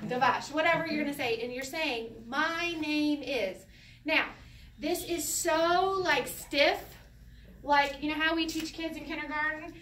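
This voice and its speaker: An older woman teaching a casual Hebrew lesson to a group, chatty and quick to laugh. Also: high voice, a bit bright, far from the mic, a little hiss or hum. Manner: chatty, laughs often, acts out phrases. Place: room with a group of learners. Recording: echoey room recorded from afar.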